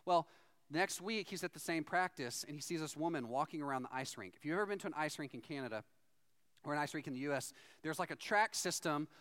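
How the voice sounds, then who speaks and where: A man preaching a sermon as a pastor, in a conversational, animated storytelling manner. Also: on the high side, fast.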